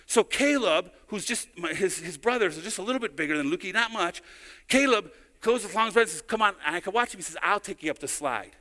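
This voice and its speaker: A man's voice: high-pitched, lively intonation, fast, pushed and bright. A middle-aged male pastor preaching a sermon in a church, telling stories conversationally and often repeating words as he goes. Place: church sanctuary. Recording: long hall reverb.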